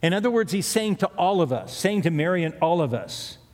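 Middle-aged male pastor, a touch higher-pitched than most men, chatty storytelling sermon, long church-hall reverb. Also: animated, fairly quick, a little mellow. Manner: conversational storytelling preaching with asides.

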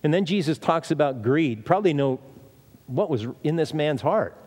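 A man's voice: on the high side, lively intonation, normal speed, darkish tone. A man preaching a sermon in an emphatic way, repeating phrases and asking rhetorical questions. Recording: long reverb of a large hall.

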